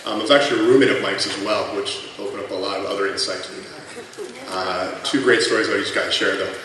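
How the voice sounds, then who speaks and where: A man's voice: fairly low pitch, fairly even intonation, quick pace. A man in his thirties sharing anecdotes as a former colleague at a tribute panel, chatty and full of fillers. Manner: chatty, lots of fillers, laughs through the punchlines. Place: large convention hall. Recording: echoey hall from far off, noisy room.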